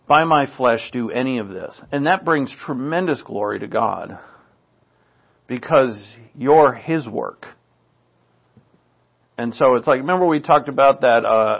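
A man's voice: medium pitch, vocal fry. A man preaching a sermon in an earnest, conversational way, often saying "you know". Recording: dull, lo-fi recording.

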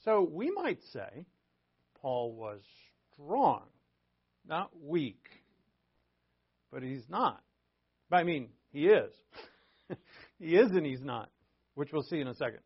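A man's voice: on the high side, big pitch swings, takes it slowly, pauses often, breathy edge. A man preaching a verse-by-verse sermon. He reads scripture aloud and then explains it in a conversational way, with asides. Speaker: pastor. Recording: dull lo-fi sermon recording.

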